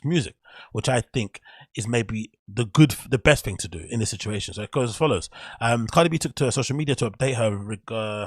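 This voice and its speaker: A man's voice: on the low side, breathy edge, dry recording. A man hosting a solo podcast, giving rambling, opinionated commentary. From England. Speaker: show host.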